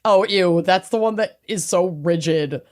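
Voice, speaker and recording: A woman from the Upper Midwest co-hosting a podcast, casual and wry with quick reactions. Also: lowish voice. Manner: animated, wry. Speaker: podcast co-host. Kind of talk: casual chat.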